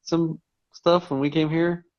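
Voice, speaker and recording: A man's voice: on the high side, a little slow, highs cut off. A man co-hosting a podcast in casual chat, telling stories with mock outrage. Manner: animated, mock-outraged storytelling. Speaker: podcast co-host.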